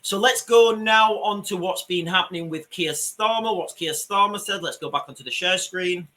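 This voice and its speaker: A man with a Yorkshire accent gives emphatic screen-share commentary, often restarting phrases and calling his viewers ladies and gentlemen. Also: high voice, moderate pace. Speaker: commentator on a video channel.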